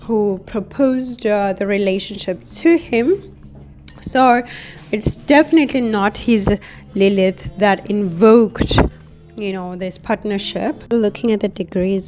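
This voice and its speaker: A woman in a mid-range voice talks through an astrology reading at a slow, patient pace. She keeps checking in with the listener as she explains. Faint music plays softly behind her. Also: mid-range voice. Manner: slow, unhurried explaining with frequent "you know" and "right?". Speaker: astrologer host.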